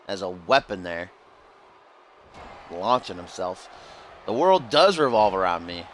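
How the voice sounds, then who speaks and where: A young man calling a wrestling video game, play-by-play style, excitable and swearing casually, with his voice cracking when he shouts. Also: deep voice, a little slow, pauses often, slight background noise. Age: young adult. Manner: excitable, breaks into laughs and shouts at big moves. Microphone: cheap home mic.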